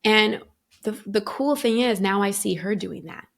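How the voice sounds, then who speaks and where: A woman's voice: medium pitch, unhurried, creaky. A middle-aged woman guest talking earnestly in a reflective podcast conversation, thinking aloud with many fillers. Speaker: guest coach.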